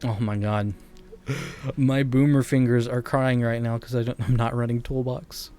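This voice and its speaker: A man's voice: mid-range voice, level tone, unhurried, mellow, faint music behind. Rambling man in his late twenties. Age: late 20s. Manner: rambling, chuckles often, self-interrupting. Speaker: streamer. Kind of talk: casual live-stream chat while gaming. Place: his bedroom at home. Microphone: streaming mic with noise gate.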